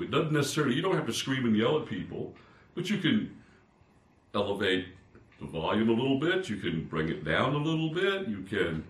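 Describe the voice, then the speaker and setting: An older man, a pastor, teaching fellow preachers in an informal, animated way, poking fun at himself and swinging between loud and soft. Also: mid-range voice. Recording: roomy, distant from the mic.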